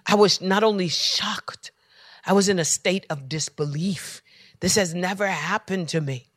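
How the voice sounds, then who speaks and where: A man preaching a sermon. He swings from near-whispers to shouting and leans on repeated refrains. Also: high voice, unhurried, dry recording, clean studio sound. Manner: repetitive preaching cadence. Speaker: pastor.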